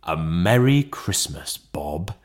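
Guy doing a growly old storybook miser gone jolly, bouncing all over in pitch. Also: big pitch swings, slow, full character voice. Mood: hearty. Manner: growling, then hearty. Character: old male miser turned jovial, gruff.

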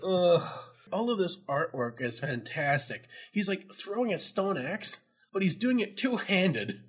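A high-voiced man with a husky edge and a lively, swooping delivery. He is chatting casually about an old video game and keeps breaking into giggles. He sounds excitable and playful. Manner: giggly, excitable, quick to laugh. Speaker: co-host. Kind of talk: casual game-review chat.

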